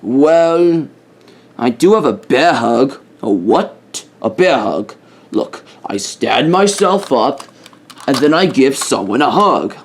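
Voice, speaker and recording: A man voicing a friendly male bear with a polite, gentle manner in a homemade toy-animal story. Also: medium pitch, very animated, takes it slowly, slightly rough, exaggerated voice. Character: friendly male bear who gives hugs.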